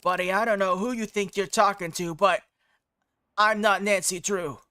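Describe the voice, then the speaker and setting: A game streamer voicing a grumpy male detective who talks gruffly and sarcastically. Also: medium pitch, steady tone, moderate pace, sharp tone, natural voice.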